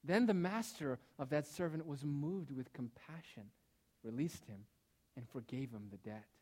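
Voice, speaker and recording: A man preaching a sermon who speaks with emphasis, asks pointed rhetorical questions and lets his phrases trail off softly. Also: on the high side, animated, a little slow.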